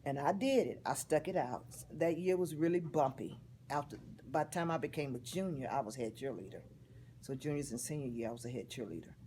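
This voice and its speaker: A woman, telling a personal story in an interview in a heartfelt, expressive way. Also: a bass voice, brisk, a little hiss or hum. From Texas. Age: 50s.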